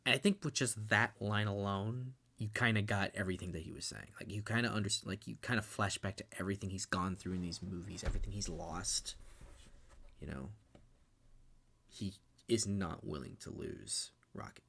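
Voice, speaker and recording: A man's voice: on the low side, moderate pace, creaky, pushed and bright, slight background noise. A young man co-hosting a podcast, retelling a film scene in casual chat, swearing freely and getting emotional. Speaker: podcast co-host. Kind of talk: casual movie recap chat.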